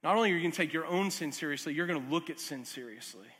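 A man's voice: on the high side, expressive, racing, fairly bright tone. A man preaching a sermon as a pastor, earnest and conversational, with asides, jokes and restarts. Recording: long hall reverb.

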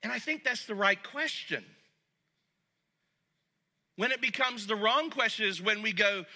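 A man preaching a sermon as pastor, talking to the congregation conversationally and going soft and low when he reads scripture. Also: a little slow, long pauses. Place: church sanctuary. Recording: long reverb of a large hall.

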